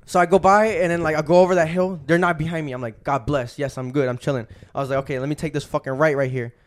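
Young male podcast host, casual storyteller, heavy slang and cursing, voice a bit on the high side. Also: steady tone. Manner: profane, fast-flowing street slang.

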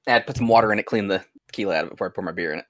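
A man co-hosting a casual podcast chat, excitable and rambling, laughing often. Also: fairly low pitch, very fast, dry recording, studio quality. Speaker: podcast co-host.

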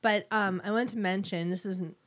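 A woman's voice: mid-range voice, steady tone, moderate pace. A young woman co-hosting a casual podcast, chatty and giggly, reading listener mail aloud while losing her voice. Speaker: podcast co-host. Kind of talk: casual chat.

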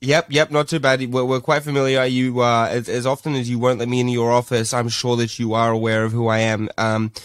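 A man co-hosting a comedy podcast in an ordinary mid-pitched voice. He hesitates often and fills gaps with uhs while he plays along. The sound is close and dry. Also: flat delivery, fairly quick, hardly any pauses, clear, resonant tone, no echo. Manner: hesitant, full of filler words, playing along. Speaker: podcast co-host.

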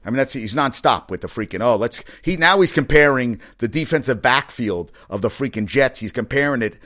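A man's voice: mid-range voice, expressive, fairly quick, fairly bright tone. A middle-aged man hosting a sports podcast, rambling and swearing as he rants in casual talk. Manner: rambling, profane, riled-up ranting.

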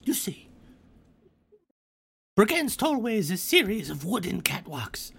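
A fussy female goblin key-hoarder, voiced by a game master, with a pitch pushed well above the performer's own. She speaks in stiff, old-fashioned, formal phrasing, broken by hesitant ums and uhs. She drives a hard bargain in a tabletop game. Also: very animated, measured pace, vocal fry, fairly bright tone, breathy edge, exaggerated voice. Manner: grand, archaic phrasing with hesitant fillers.

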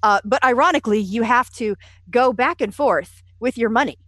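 A woman being interviewed, telling travel stories in a lively, self-deprecating way with frequent fillers. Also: on the high side, moderate pace, no room sound. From United States. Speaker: interview guest. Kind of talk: conversational storytelling.

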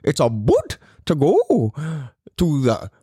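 A polite mock Canadian speaker, as a man puts on the accent, stretching his words out slowly with a lilting rise and fall. The sound is dry and close. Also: a little high, huge pitch swings, mellow, husky, no room sound, exaggerated voice. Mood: mock-earnest.

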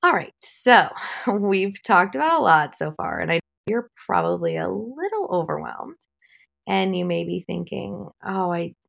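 A woman in her thirties talks through wedding-day mishaps on her podcast. Her voice sits low with a gravelly fry, and she stays calm and practical, adding the occasional light laugh. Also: unhurried. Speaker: wedding planner and podcast host. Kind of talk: solo podcast talk.

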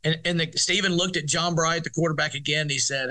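A man's voice: a little high, fast talker, few pauses. A middle-aged man, a football coach telling a story in an interview with many restarts. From Arkansas, USA. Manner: animated, rambling restarts, laughs through story. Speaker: high school football coach, guest.

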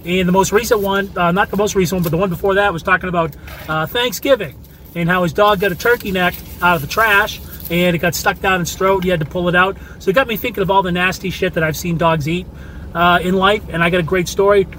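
A man's voice: high voice, steady tone, fast, fairly bright tone, slight background noise. A man telling a crude, rambling story in a casual, profane way, full of fillers. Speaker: listener sending a voice message.

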